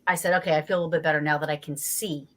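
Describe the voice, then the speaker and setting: A woman from New Jersey with a slightly low voice tells a story as a guest in a casual interview. She is animated and swears freely, acting out her own reactions as she goes. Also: rapid-fire. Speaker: guest investigator.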